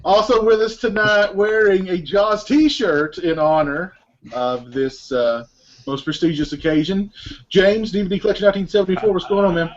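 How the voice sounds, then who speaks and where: A man's voice: sits high, steady tone, normal speed, highs cut off. A man acting as moderator of a casual group film commentary, introducing each guest and laughing often.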